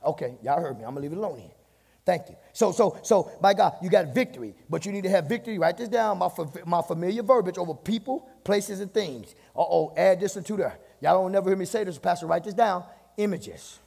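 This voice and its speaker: A man preaching a sermon as pastor, repeating his phrases and rising to shouts. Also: high-pitched, expressive, brisk, vocal fry, breathy edge. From United States. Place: church sanctuary. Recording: church sermon with hall reverb.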